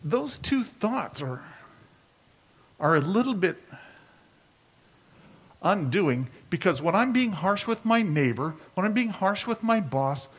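A man's voice: high-pitched, very animated, slow, pauses often, slightly rough. A man preaching a sermon as a pastor, talking conversationally and asking his listeners rhetorical questions.

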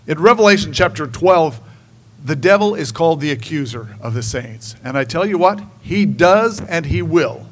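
Emphatic male preacher with a fairly high voice. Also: animated, moderate pace, a little hiss or hum, low-quality recording. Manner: emphatic, swinging between hushed and raised. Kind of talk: sermon.

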